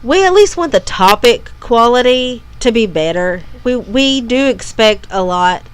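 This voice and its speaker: Smooth-voiced woman podcast co-host. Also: on the high side, lively intonation, measured pace. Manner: rambling, frequent restarts. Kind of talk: casual chat.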